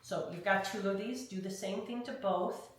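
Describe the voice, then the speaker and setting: A woman's voice: medium pitch, moderate pace. A woman leading a hands-on craft tutorial, talking through each step in a chatty way and often checking in with "okay?". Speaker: craft instructor. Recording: very echoey room, mic far off, faint noise.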